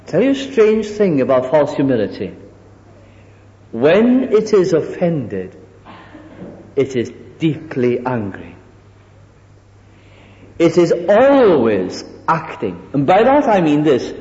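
A high-pitched, very lively male preacher delivering a sermon, his voice swooping up and down as he drives points home. The recording is dull and lo-fi, with a long reverb hanging in a large hall. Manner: animated, drops to mimicking soft humble voices. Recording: echoey hall, dull lo-fi sound.

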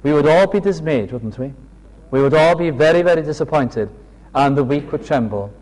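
A man preaching a sermon, telling the story slowly and earnestly and acting out the quoted speech. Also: a little high, expressive, a little mellow. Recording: long reverb of a hall.

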